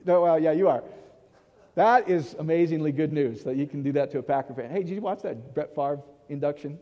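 High-voiced pastor preaching in an echoing hall. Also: male voice, fairly quick, dark tone, muffled recording. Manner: conversational preaching, keeps asking "follow me?". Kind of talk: sermon. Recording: long hall reverb.

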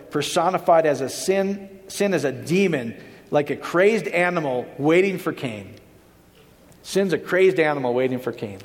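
Male preacher, slightly high voice, conversational sermon delivery, long hall reverb. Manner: conversational, checks in with the audience.

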